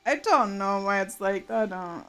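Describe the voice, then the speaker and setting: Over soft game music, a woman streams live while drawing, chatting casually, laughing often, and muttering to herself. Her voice is medium-pitched and unhurried, with lively intonation.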